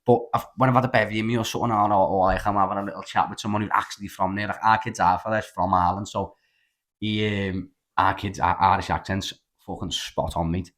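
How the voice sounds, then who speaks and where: A young Scouse man with a slightly low voice holds forth on a casual podcast. He tells his stories in an animated way and swears freely. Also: fast talker. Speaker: podcast co-host. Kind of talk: casual storytelling chat.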